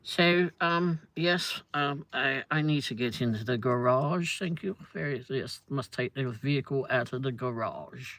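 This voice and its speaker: A man's voice: medium pitch, a little slow, few pauses, fairly bright tone, dry recording. A man imitating a prim, fussy upper-class Englishman with a posh English accent, speaking hesitantly and formally.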